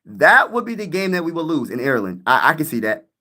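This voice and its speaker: A man's voice: fairly high pitch, very animated, quick pace, pushed and bright. A young man hosting a sports live stream, chatting casually with his viewers, rambling and hyped, using lots of slang. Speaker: sports YouTuber live-streaming, answering chat.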